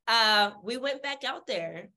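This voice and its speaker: A woman with a sassy, animated way of talking, a podcast guest telling her story candidly, swearing freely and acting out the people she quotes. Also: on the high side, slow pace.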